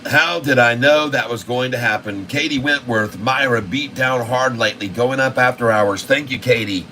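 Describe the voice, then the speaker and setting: Man, market livestream host, folksy and excited, bright forceful voice, casual commentary. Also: medium pitch, normal speed, slight background noise, low-quality recording.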